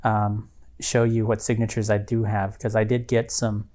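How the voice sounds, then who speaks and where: A man's voice: lowish voice, little pitch movement, normal speed, mellow. A man co-hosting a podcast, telling a story in casual chat, rambling with many fillers and restarts. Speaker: podcast co-host.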